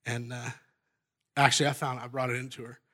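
A man's voice: medium pitch, flat delivery, brisk, a bit bright. Rambling middle-aged man giving testimony. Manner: rambling, self-interrupting, jokey. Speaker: church member giving testimony. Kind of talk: personal testimony.

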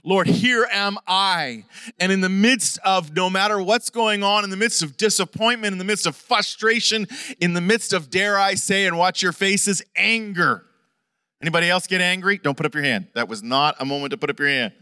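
A middle-aged man preaching a sermon, animated and conversational, often asking the congregation questions. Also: high-pitched, normal speed, clean tone, dry recording, clean studio sound. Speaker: pastor.

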